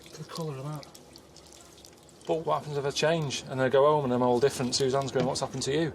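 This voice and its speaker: A man giving grumbling, deadpan travel commentary outdoors, moaning and complaining as he goes. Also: mid-range voice, fast, slight background noise, low-quality recording. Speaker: traveling presenter.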